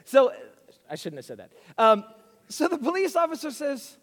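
A man preaching a sermon, swinging from hushed asides to loud, emphatic lines. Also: very high-pitched, wildly swooping pitch, normal speed. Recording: reverberant hall.

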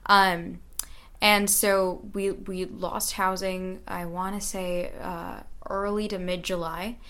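A woman's voice: mid-range voice, flat delivery, slow, fairly bright tone. A young woman in her late teens, a student, telling her story in a casual radio interview, earnest and chatty with frequent fillers. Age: young adult.

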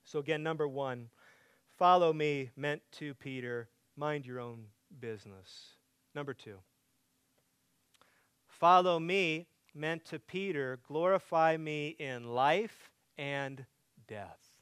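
A man preaching a sermon as pastor, moving between emphatic loud passages and hushed quiet ones. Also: a little high, slow pace, clear, resonant tone, dry recording.

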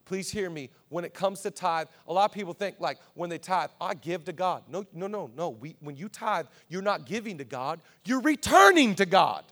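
Swinging from hushed, confiding asides to loud, driving proclamations, a pastor addresses his church in a voice set high for a man. He is expressive, keeps a moderate pace with few pauses, and repeats key words for emphasis.

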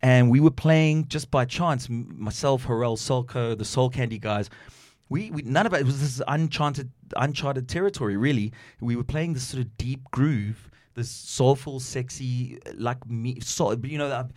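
A middle-aged man from South Africa, a radio DJ, talks in a relaxed interview with a mid-range voice. He tells his stories in an animated way, full of asides. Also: mid-range voice, normal speed, few pauses. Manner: animated storyteller who slips into put-on voices and laughs often. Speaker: radio DJ and guest. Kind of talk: casual interview chat.

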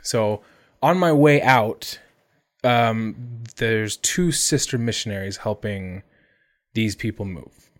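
A man telling an animated, sweary anecdote in casual podcast chat. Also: fairly low pitch, takes it slowly. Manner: animated, swearing, laughing, mimics others in quotes. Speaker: podcast host.

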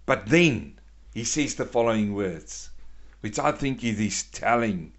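A man's voice: on the low side, lively intonation, a little slow. Emphatic male preacher. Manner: emphatic, asks the congregation questions and answers them. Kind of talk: sermon.

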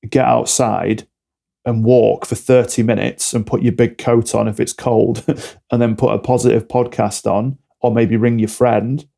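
A man's voice: mid-range voice, level tone, measured pace, vocal fry, warm tone. A man talking bluntly and directly as a coach being interviewed on a podcast. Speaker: alcohol-free coach, podcast guest.

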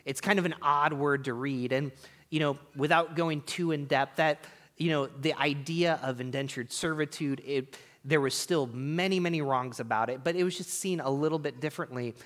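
A man in his thirties preaching a sermon in a church, chatting casually and swinging between loud emphasis and hushed, near-whispered lines. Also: on the high side, normal speed. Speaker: pastor. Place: church sanctuary.

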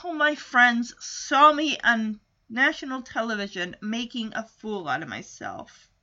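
A woman voicing a dejected, gruff grown man who grumbles about his embarrassment. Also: fairly high pitch, animated, unhurried, pushed and bright. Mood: glum. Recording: dull lo-fi audio.

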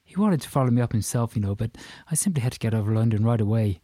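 A man voicing a stocky, white-haired Irish man in his fifties with an Irish accent, effusive and boastful, talking fast. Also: medium pitch, lively intonation, warm tone, dry recording, studio quality, lightly acted. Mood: boastful chatty. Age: 50s.

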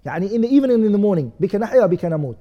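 A man's voice: high-pitched, sing-song, rapid-fire, muffled recording. A man teaching a lesson. He asks the class questions, answers them himself, and recites set phrases as he goes. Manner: recites phrases in another language. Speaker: teacher of a study course. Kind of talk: classroom lesson explaining texts. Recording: long reverb of a large hall.

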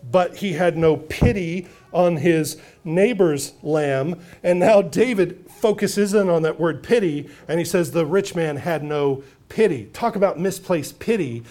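High-voiced, expressive male preacher. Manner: expressive, swinging between hushed asides and loud emphasis. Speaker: pastor. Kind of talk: sermon.

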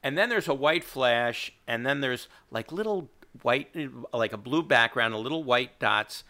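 A middle-aged man recapping a movie in casual chat, rambling and halting, restarting his sentences often. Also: medium pitch, animated, bright, forceful tone.

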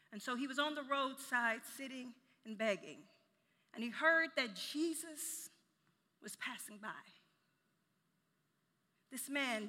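A woman preaching a sermon with impassioned delivery, rising to near shouts and dropping to hushed tones. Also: fairly high pitch, big-room sound. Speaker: children's ministry director giving a sermon.

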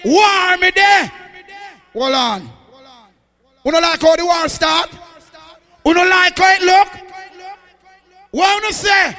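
A man hosting a live sound clash, shouting sing-song hype calls in patois. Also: extremely high pitch, slow pace, long pauses, some chatter behind. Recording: live hall with long reverb and music.

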